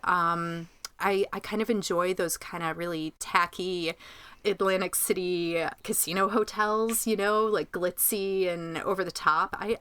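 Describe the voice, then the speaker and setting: A woman guest on a podcast with a scratchy voice. She is animated, laughs often and rambles. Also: medium pitch, no echo. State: scratchy voice after illness. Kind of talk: casual chat.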